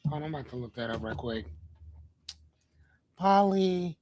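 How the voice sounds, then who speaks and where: A man's voice: medium pitch, rapid-fire, breathy edge, dry recording. A man hosting a podcast in a casual, rambling way, often correcting himself and talking to his listeners. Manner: rambling, self-correcting, talks to the chat. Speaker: podcast host.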